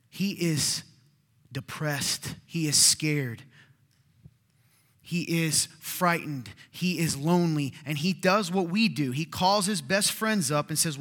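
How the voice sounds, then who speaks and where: Male pastor, casual sermon delivery, animated then hushed, mid-pitched voice, long hall reverb. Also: a little slow, pauses often. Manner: conversational and animated, drops to hushed tones.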